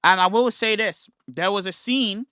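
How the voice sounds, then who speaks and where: A young British man chats on his stream in loose slang, looping back and restarting his sentences as he talks. His voice is bright and forceful, pitched a bit high for a man. The sound is crisp and very dry. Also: dry recording. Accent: British English. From Britain. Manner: rambling, slangy, quick restarts. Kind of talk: casual livestream storytelling.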